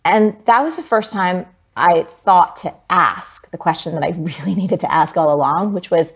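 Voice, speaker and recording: A woman in her forties from New Jersey, telling a personal story as an interview guest, animated and vivid with many "like"s. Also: lowish voice, moderate pace, few pauses, breathy edge.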